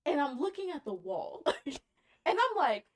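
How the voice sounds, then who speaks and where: A woman podcast co-host telling a story in casual chat, animated, laughing often and swearing casually. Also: high-pitched, measured pace.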